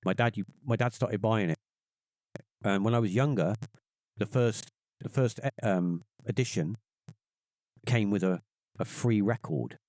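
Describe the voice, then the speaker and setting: A middle-aged man tells a story in a lowish, mellow voice, jumping up in pitch to act out the people in it. The recording is dry and close, with no room sound. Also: a little slow, pauses often, no echo. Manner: animated, acts out quoted voices in a higher pitch. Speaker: podcast guest. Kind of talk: casual storytelling.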